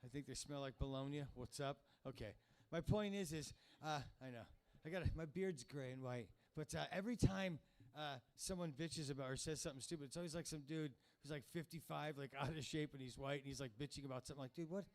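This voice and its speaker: A man's voice: on the high side, fast. A man in his fifties hosting a comedy show, talking to the crowd in a rambling, profane, conversational stand-up manner. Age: 50s. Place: comedy club stage.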